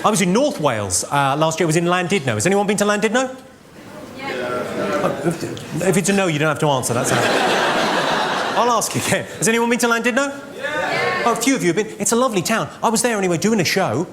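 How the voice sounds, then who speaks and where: A man doing stand-up comedy with deadpan, quick one-liners in a large theatre. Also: high voice. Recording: live theatre with long reverb and loud noise.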